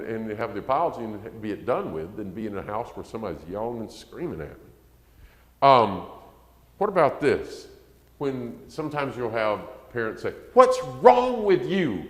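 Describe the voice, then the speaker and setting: A man preaching a conversational sermon, acting out quotes and rising to emphasis. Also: fairly low pitch. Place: church sanctuary. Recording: echoey church hall.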